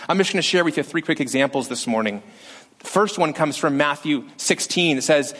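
A male pastor preaching a sermon, animated and lively, acting out quotes from scripture with shifts in pitch. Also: fairly quick.

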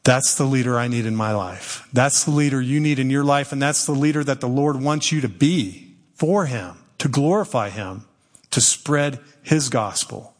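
A middle-aged man preaches a sermon as a church elder, speaking in a conversational, earnest way and acting out the lines he quotes. His voice sits at an ordinary middle pitch. The sound rings with the long reverb of a church hall. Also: normal speed. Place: church sanctuary.

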